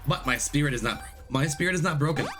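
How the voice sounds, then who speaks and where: A man talks casually through his gameplay, rambling and correcting himself as he chats with viewers. He is still recovering from an illness. Game music plays clearly under his voice. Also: on the high side, lively intonation, fast. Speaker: streamer.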